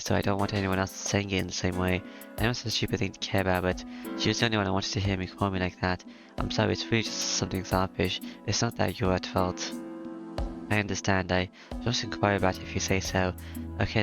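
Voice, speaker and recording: Deep gravelly man reading a story. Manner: plain, steady reading with frequent fillers and restarts. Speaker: reader of a visual novel. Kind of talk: reading a visual novel aloud. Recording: music playing behind.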